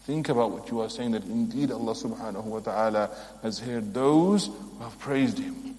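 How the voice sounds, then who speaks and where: Male teacher at mid pitch, earnest lesson with emphatic questions, long hall reverb behind him. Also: fairly quick, darkish tone. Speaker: religious teacher. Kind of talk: religious lesson.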